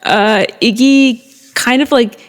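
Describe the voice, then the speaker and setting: A woman's voice: a little high, slow pace. Hesitant woman player in a reverberant room. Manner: hesitant, giggly, many fillers. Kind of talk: tabletop role-play narration.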